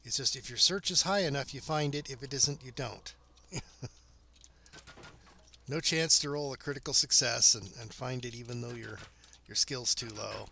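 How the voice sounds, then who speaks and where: A man streaming a fantasy online game, giving relaxed, casual commentary with dry asides and chuckles. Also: mid-range voice, moderate pace, vocal fry, pauses often.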